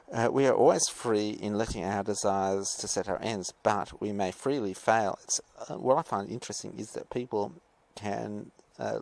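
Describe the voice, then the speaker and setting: Low gravelly teacher, rambling and hesitant. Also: male voice, darkish tone. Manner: rambling, hesitant, many fillers and asides. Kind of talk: podcast lecture, reading and commenting.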